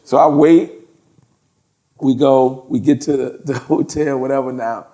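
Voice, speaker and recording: A man, a podcast guest telling profane, animated stories and laughing through them. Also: medium pitch, measured pace. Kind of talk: casual storytelling in an interview.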